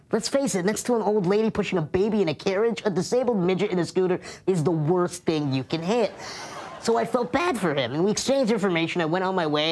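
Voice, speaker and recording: A male comedian telling a comic personal story in a dry, matter-of-fact way, slipping into quick acted quotes. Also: sits high.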